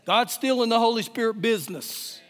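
A man preaching a live sermon as pastor, emphatic, repeating phrases and swinging between loud and hushed. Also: very high-pitched, fairly quick. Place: church sanctuary during a service. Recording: long hall reverb, faint guitar.

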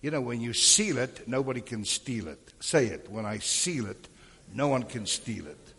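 Husky preacher in a reverberant hall. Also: male voice, mid-range voice, lively intonation, moderate pace, fairly bright tone. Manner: calls for amens and crowd responses. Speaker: pastor. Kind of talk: sermon.

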